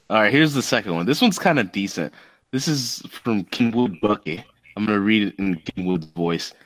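A man co-hosting a podcast in relaxed, loose casual chat. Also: lowish voice, no room sound. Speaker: podcast host.

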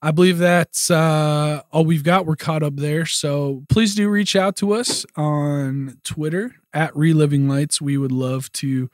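A man co-hosting a podcast, reading listener tweets aloud in a relaxed, unhurried way. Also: on the high side, dry recording, clean studio sound. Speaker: podcast co-host. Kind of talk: casual podcast chat.

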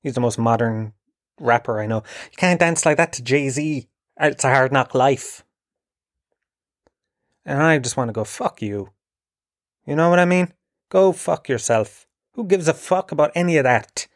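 A man's voice: medium pitch, normal speed, no echo, studio quality. An Irish man delivering a sweary, sarcastic, rambling comedic rant. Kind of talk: ranting comedic monologue.

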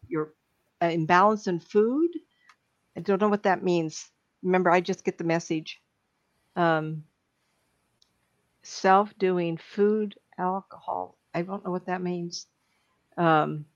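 A woman's voice: on the low side, steady tone. Middle-aged lady doing psychic readings on a stream, emotional, lots of ums, kinda muffled audio. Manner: emotional, chatty, halting with many fillers. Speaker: psychic medium host. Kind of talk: live-stream reading and chat.

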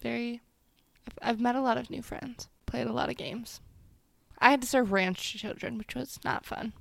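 Bright, gravelly young woman co-host. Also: on the high side, steady tone, moderate pace, dry recording. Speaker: podcast co-host. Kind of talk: casual chat.

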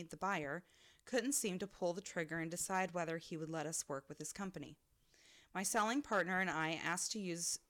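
A woman's voice: fairly low pitch, a bit bright. A woman co-hosting a podcast, reading listener stories aloud and laughing often as she reads. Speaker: podcast co-host.

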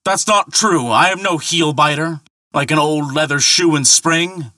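A brash, hot-tempered thunder god, as a male storyteller puts him on, pitched up and shouting his boasts. The tone is bright and forceful. The recording is dry and close. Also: expressive, measured pace, dry recording. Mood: boastful. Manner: loud, indignant boasting.

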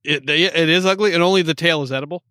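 A man's voice: fairly high pitch, fast talker, bright, forceful tone, no echo, studio quality. A man in his forties from upstate New York, co-hosting a casual chat and rambling with trailing asides. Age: 40s. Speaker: podcast co-host. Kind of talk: casual chat tasting beer.

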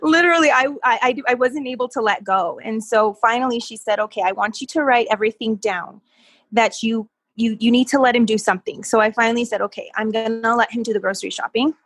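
A woman in her thirties telling a story in a relaxed, conversational way. Her voice sits a bit high and has a husky edge, and the sound is close and dry. She gets animated, laughs easily and stumbles over repeated words. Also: fast talker, dry recording, soft background music. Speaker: podcast guest.

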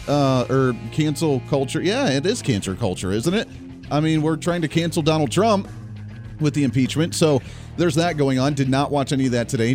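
Speaking straight to his audience, this radio talk host from Kansas, a man in his thirties, is chatty, upbeat and full of opinions. His voice sits on the high side with a slightly mellow quality. The energetic monologue was captured on a studio mic in a dry studio, with faint music underneath.

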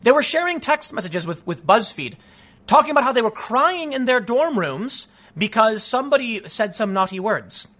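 A man's voice: extremely high pitch, sing-song, moderate pace, fairly bright tone. A man giving solo political commentary as host, ranting in a frustrated, emphatic way with many restarts.

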